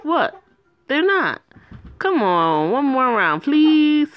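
A woman's voice: high-pitched, very animated, very slow, muffled recording, a little hiss or hum, voice pushed up, full character voice. A woman voicing a mischievous young girl who teases and coaxes her little sister. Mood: teasing. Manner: teasing, pleading.

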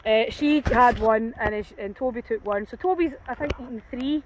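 A woman's voice: on the high side, moderate pace, darkish tone, slight background noise, rough recording. A woman, chatting to the camera on a cold, rainy dog walk, run down and self-mocking, laughing often. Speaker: dog walker vlogger. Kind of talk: casual outdoor vlog chat. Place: open field outdoors in cold rain.

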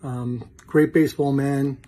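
A man's voice: mid-range voice, little pitch movement, measured pace, mellow. A man presenting an award over a video call, reading through a career summary with occasional fillers.

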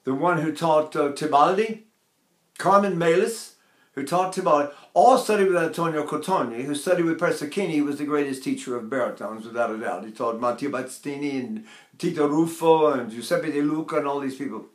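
An older man, a voice teacher, giving a vocal technique lesson in a rambling, digressive way and pausing to sing demonstrations. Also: fairly high pitch. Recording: echoey room.

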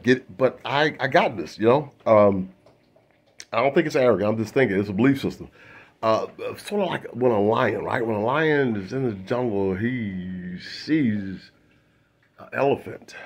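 A man's voice: on the low side, breathy edge. A man doing a loose stand-up monologue to camera, full of fillers, restarts and asides. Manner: loose, self-interrupting, many fillers and restarts. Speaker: comedian.

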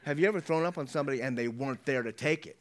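Brief: middle-aged male pastor, informal preaching, mid-pitched, often asks the room if they follow. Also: rapid-fire. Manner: conversational, repeats words, checks in with the congregation. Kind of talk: sermon.

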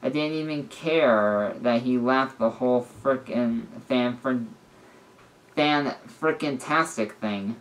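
A man's voice: medium pitch, slow, poor audio. A man casually reading a story aloud, often stumbling and correcting himself. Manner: stumbling, with frequent restarts and self-corrections. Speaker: story reader.

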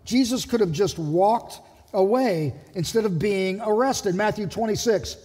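A male pastor preaches in a church, his fairly high voice husky and a little breathy. He talks animatedly and slips into quoted voices. A long hall reverb trails his words. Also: unhurried, darkish tone. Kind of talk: sermon. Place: church sanctuary.

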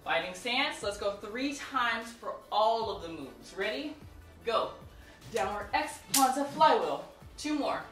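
A woman's voice: fairly high pitch, sing-song, unhurried, fairly bright tone. Woman coaching martial arts in an echoey room. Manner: counts out moves and cues students; chatty, laughs and jokes with viewers. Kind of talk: instructional tutorial. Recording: echoey room, mic at a distance, faint music.

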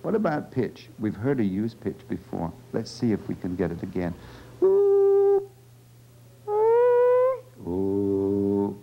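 Low-voiced man explaining a speech evaluation. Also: lively intonation, vocal fry, slightly rough. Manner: measured, explanatory, patient coaxing with a child. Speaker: speech clinician. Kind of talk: instructional demonstration. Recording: dull lo-fi 1980 videotape.

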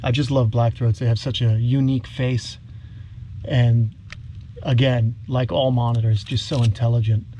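A man's voice: mid-range voice, level tone, moderate pace, mellow. Casual vlog host, man, New York accent, upbeat outdoors with faint background noise. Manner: enthusiastic, talks to the lizards like pets. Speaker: reptile keeper and channel host. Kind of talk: casual outdoor vlog narration while feeding animals.

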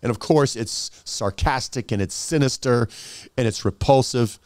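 A male pastor telling a story in a sermon, animated, with many restarts. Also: mid-range voice, moderate pace, no echo.

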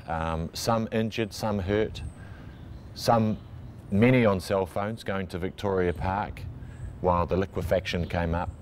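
A New man, a reporter, describing a scene in a steady, vivid way. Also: low voice, a little hiss or hum. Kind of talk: documentary interview recollection.

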